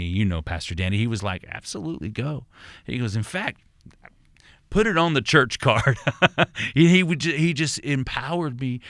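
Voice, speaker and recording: An older man with a Texan accent, appearing as a pastor and podcast guest, tells his story earnestly and reflectively. His medium-pitched voice is gravelly yet fairly bright, captured in clean studio sound with no room sound. His conversational storytelling is full of restarts and repeated words.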